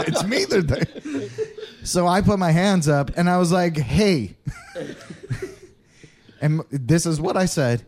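A man telling a wild story on a podcast, his pitch swinging all over as he laughs and swears. His delivery is loose and casual, full of energy. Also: lively intonation, a little slow, long pauses. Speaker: podcast co-host.

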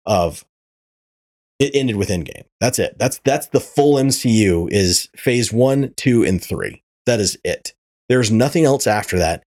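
A man's voice: on the low side, lively intonation, measured pace, darkish tone. Ranting profane male podcast host. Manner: ranting, profane, repeats words often. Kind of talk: casual chat.

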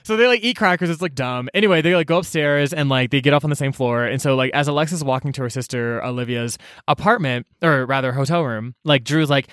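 A young man recapping a book in a casual, animated and slangy way, full of fillers and sassy asides. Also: mid-range voice, fast, hardly any pauses, no room sound, studio quality. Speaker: podcast host recapping a book.

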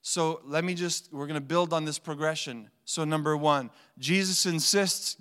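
Male pastor, conversational sermon delivery with animated quotes, clear resonant voice, echoing church hall. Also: a little high, moderate pace. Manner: conversational preaching, animated quoting. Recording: long hall reverb.

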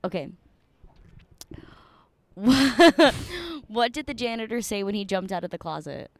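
A woman's voice: medium pitch, lively intonation, measured pace, dry recording. A woman co-hosting a podcast in casual chat, easygoing and laughing often. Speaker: podcast co-host.

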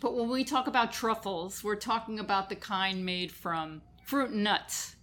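Female co-host, mid-pitched, relaxed and chatty. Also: moderate pace. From New York. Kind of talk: casual chat.

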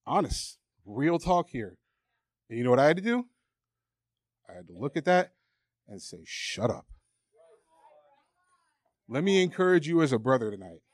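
A man's voice: fairly high pitch, big pitch swings, a little fast, pauses often, dry recording, studio quality. A man preaching a sermon, emphatic and candid, reading scripture aloud and acting out the doubting voices people hear. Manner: emphatic, candid, acts out mocking inner voices.

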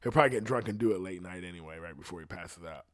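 A man's voice: deep voice, very fast, a bit bright. A man, a singer, in a loose, rambling monologue, full of swearing and meandering asides. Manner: profane, meandering, laid-back storytelling. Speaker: singer talking on a podcast.

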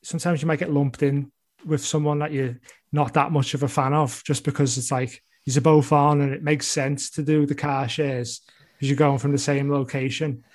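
Scouse male guest, conversational, slightly higher register, rambling anecdotes. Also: level tone, normal speed, darkish tone. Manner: chatty, rambling, loose impressions of others. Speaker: comedian guest. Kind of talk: casual chat.

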